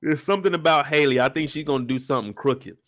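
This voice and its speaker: A fairly high-voiced man from Kansas City hosts a live after-show, reacting to the episode in loose, profane commentary. He laughs easily and keeps building into loud, worked-up rants at the characters. The sound is dry and close, with no room echo. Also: fast. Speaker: show host.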